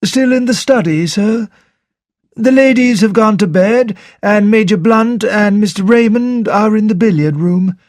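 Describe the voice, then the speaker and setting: A man's voice: high voice, unhurried, a little mellow, no room sound, clean studio sound, voice pushed up. A man voicing a deferential male butler in an audiobook, polite and formal, always saying sir. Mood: respectful. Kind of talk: audiobook character reading.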